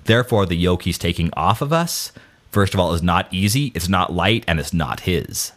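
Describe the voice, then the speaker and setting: A man's voice: deep voice, lively intonation, normal speed, fairly bright tone. A man talking casually about scripture and his own failings, self-deprecating, with many false starts and restarts. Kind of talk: casual faith talk.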